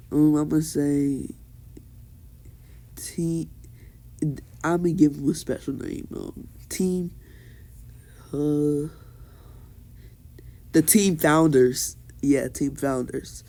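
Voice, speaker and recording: A young man narrates a made-up fan story at a slow, unhurried pace, rambling through ums and restarts. His voice is mellow and dark in tone, sitting a bit high for a man. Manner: rambling, many fillers and restarts, laughs at own jokes.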